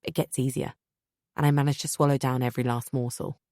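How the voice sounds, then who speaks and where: A woman narrating a first-person thriller audiobook in a measured, tense way. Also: extremely low pitch, little pitch movement, a little mellow, no room sound, clean studio sound.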